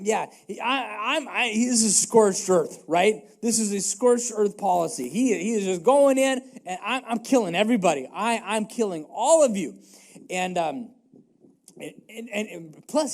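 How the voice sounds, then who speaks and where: A male pastor delivering a casual, joking sermon, his fairly high voice rambling along with plenty of ums and restarts. He sounds conversational rather than formal. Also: darkish tone.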